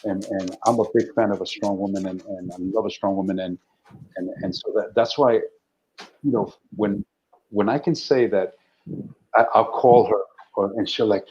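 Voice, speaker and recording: A man's voice: fairly low pitch, fairly even intonation, moderate pace, a little mellow, lo-fi sound. A man, an actor and guest, talking animatedly in a casual interview and often repeating words.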